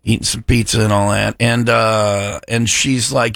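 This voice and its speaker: A man's voice: on the low side, level tone, a little slow, creaky, a bit bright, no echo, clean studio sound. A young man co-hosting a radio show, telling jokes and stories in casual banter and laughing along. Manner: jokey storyteller, laughs at his own jokes.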